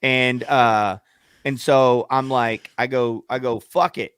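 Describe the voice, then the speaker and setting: A man co-hosting a radio show, telling a story with animated, profane energy and acting out arguments. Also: mid-range voice, slow pace, smooth, no room sound, clean studio sound. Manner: profane, acts out shouting matches in quotes.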